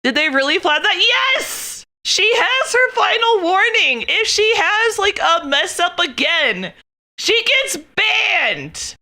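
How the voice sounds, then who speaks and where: A young adult woman streaming and chatting casually, excitable and laughing often, swearing freely as she talks. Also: very high-pitched, slow. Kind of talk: casual chat while gaming.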